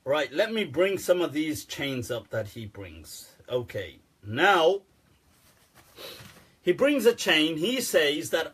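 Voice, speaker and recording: A man's voice: a little high, big pitch swings, slow pace, a bit bright, breathy edge. A man answering questions in a casual, sarcastic rant, laughing often and swearing freely. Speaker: Islamic scholar answering questions. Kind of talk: casual ranting commentary.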